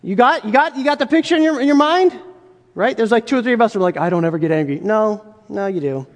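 A man's voice: very high voice, expressive, fast talker, long reverb tail. A man preaching a sermon in a conversational way, asking the congregation rhetorical questions and acting out the voices he quotes. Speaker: pastor.

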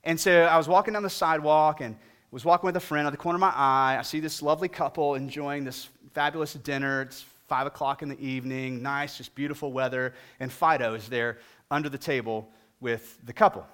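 A middle-aged male pastor delivering a sermon, his voice sitting a bit high. He tells stories with animated, humorous energy, climbing in pitch and volume at the punchlines before settling back to the point. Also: brisk.

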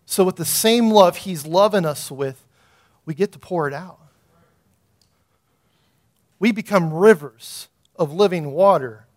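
High-voiced fervent preacher. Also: male voice. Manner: fervent, rising to repeated emphatic calls. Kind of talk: sermon.

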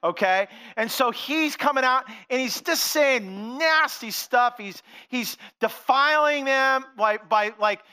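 A man telling a Bible story to children in an animated, playful way, talking directly to the kids. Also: very high voice, slow, few pauses, clear, resonant tone. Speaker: children's pastor. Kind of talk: sermon for children.

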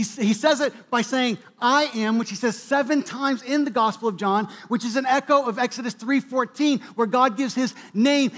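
High-pitched preaching man. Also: fairly bright tone. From New England, US. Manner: preaching with bursts of emphasis, occasional restarts. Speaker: pastor. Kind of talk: sermon.

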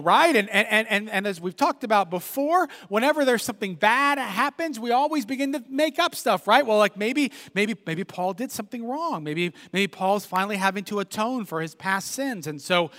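Bright, animated male preacher. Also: high voice, moderate pace, few pauses, big-room sound. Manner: animated storytelling, keeps asking "right?". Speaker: pastor. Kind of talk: sermon.

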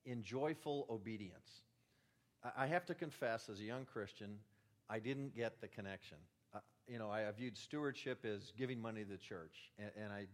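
A middle-aged man, a church elder, giving a sermon in a chatty, self-deprecating way with light humor. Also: mid-range voice. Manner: self-deprecating, conversational, warm asides.

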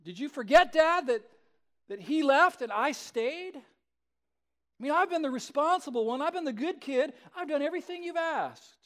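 A man's voice: very high voice, expressive, normal speed, fairly bright tone, voice pushed up. A male preacher voicing a resentful older brother who rants indignantly with rhetorical questions. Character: bitter resentful older brother, young man.

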